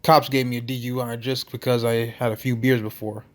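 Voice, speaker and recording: A loudmouthed male barfly who defends himself with blustering slang, voiced by a man reading a story game. The voice stays at a plain middle pitch. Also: little pitch movement, brisk, lightly acted. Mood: defensive. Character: brash defensive male small-town barfly.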